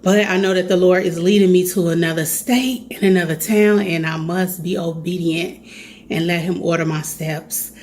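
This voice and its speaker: A woman's voice: lowish voice, fairly even intonation, normal speed, darkish tone, a little hiss or hum. A woman in her thirties with a Chicago accent, chatting earnestly to her viewers in a casual vlog. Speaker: vlogger.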